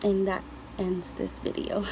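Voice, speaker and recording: A woman's voice: medium pitch, flat delivery, slow pace, background noise. A young woman vlogger answering viewer questions, telling a personal story in an earnest, emotional way with many ums and you-knows.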